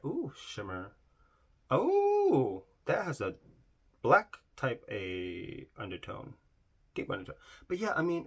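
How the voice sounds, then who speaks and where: A man chatting through a makeup swatch video in a fairly low voice. He gushes and exclaims, breaking off his sentences, and his pitch leaps about in a very lively way. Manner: gushing, exclaims often, trails off mid-sentence. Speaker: beauty vlogger. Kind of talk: casual makeup swatching vlog.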